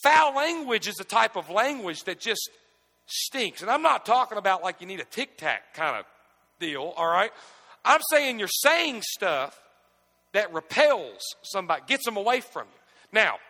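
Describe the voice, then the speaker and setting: Pastor, high bright voice, lively pitch, hall reverb. Calls and responses with the congregation. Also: male voice. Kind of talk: sermon. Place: church sanctuary.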